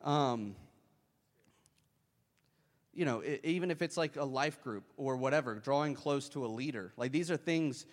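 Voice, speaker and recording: A man preaching, his voice carrying a long reverb through a church hall. He keeps the sermon conversational and chatty, then jumps sharply higher in pitch whenever he acts out someone else's words.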